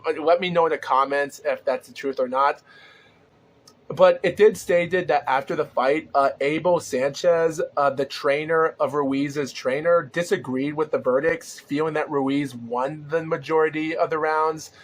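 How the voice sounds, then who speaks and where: Excitable man with a sore, groggy throat. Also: a little high, measured pace. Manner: rambling, excitable, many fillers and restarts, laughs often. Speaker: podcast host. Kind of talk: solo casual podcast commentary.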